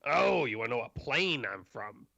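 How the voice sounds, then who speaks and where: A man voicing a huge, gruff half-giant loner who grumbles rudely and hesitates between words. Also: medium pitch, sing-song, normal speed, sharp tone, dry recording, highs cut off, heavily acted. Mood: grumpy.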